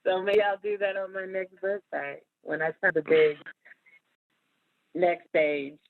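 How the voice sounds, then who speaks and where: A woman's voice: on the low side, unhurried, dry recording. Candid woman host on a tinny line. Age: 40s. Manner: candid, emphatic, laughs often. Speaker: podcast host. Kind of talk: casual chat.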